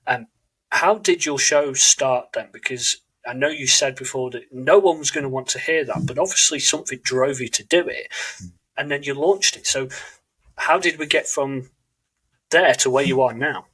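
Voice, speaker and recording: A podcast host with a husky voice that sits at an ordinary pitch. He talks in an earnest, reflective way and stops to search for his words. This is a relaxed conversational chat. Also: moderate pace, poor audio.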